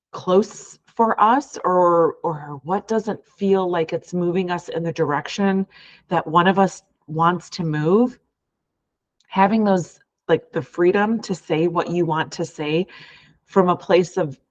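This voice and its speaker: A woman's voice: lowish voice, dull audio. A woman hosting a podcast as a life coach, talking earnestly and from the heart in long, flowing sentences. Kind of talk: reflective podcast monologue.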